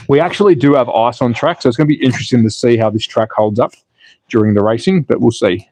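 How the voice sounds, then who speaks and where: There's slight background noise as a man hosting a slot car channel chats casually on a live stream, building a track indoors at home. He reads the chat aloud in a chatty, self-deprecating manner. His voice is medium in pitch and a little mellow.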